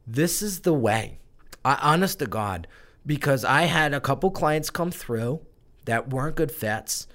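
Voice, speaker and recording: A man's voice: mid-range voice, lively intonation, unhurried, a bit bright. A man telling his own story in a conversational interview, candid and emotional, swearing now and then. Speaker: guest, brand strategist.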